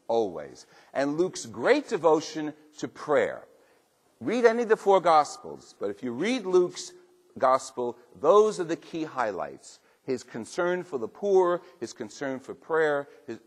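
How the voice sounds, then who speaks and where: A male priest giving a sermon, telling stories with animated emphasis. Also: medium pitch. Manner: animated, emphatic storytelling preacher. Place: church. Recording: long reverb of a church.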